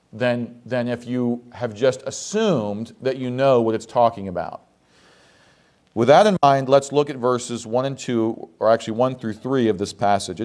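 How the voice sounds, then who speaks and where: A man's voice: mid-range voice, a little mellow. A man, the pastor, preaching a sermon in a church, reading scripture aloud and asking the congregation rhetorical questions.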